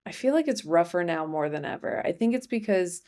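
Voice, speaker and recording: A young woman hosting a comedy podcast, rambling through a casual monologue with deadpan asides and frequent self-interruptions. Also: lowish voice, a little fast.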